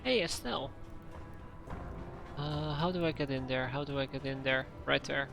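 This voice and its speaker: A man's voice: mid-range voice, level tone, fairly quick, creaky, over music. A man streaming a role-playing game, reading the on-screen text aloud with wry, sighing remarks.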